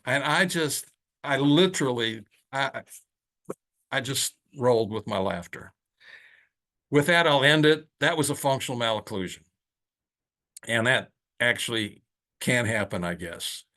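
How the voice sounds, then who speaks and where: An older man tells a story from his surgical practice in a relaxed monologue. He acts out the voices in it, his pitch climbing high as the story builds. He talks like a host speaking straight to his listeners. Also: normal speed. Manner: animated storyteller who acts out quotes with rising pitch. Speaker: oral surgeon and podcast host.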